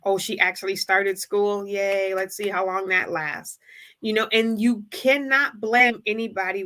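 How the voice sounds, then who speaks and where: A woman hosting a livestream, giving a preachy motivational talk and acting out imagined people in quick asides. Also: mid-range voice, pushed and bright. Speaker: livestream host. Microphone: streaming setup.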